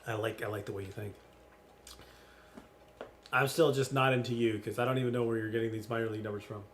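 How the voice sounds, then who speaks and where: A man's voice: on the low side, fast talker, a little hiss or hum. Casual, rambling man chatting. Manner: rambling storyteller, swears, animated when telling anecdotes. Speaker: podcast co-host. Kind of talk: casual chat.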